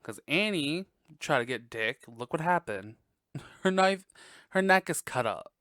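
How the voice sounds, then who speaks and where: A man chats on his podcast about a film he has just watched. He is blunt, profane and gossipy, and his fairly high voice jumps up when he exclaims. The recording is close and dry. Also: lively intonation, a little slow, fairly bright tone, no echo. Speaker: podcast host. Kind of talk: casual movie review chat.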